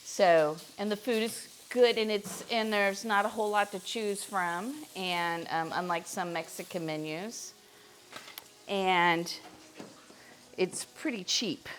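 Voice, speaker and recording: A woman's voice: mid-range voice, slow pace, fairly bright tone, slight background noise. A middle-aged woman from Missouri, hosting a live cooking stream in her home kitchen and chatting in a rambling way, with lots of fillers. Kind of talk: casual cooking chat.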